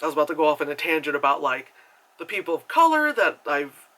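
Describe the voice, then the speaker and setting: A man's voice: a little high, quick pace. A man gives a casual movie review, rambling with lots of fillers and acting out the characters' lines. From New York. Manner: animated storyteller, acts out quotes. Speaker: film reviewer.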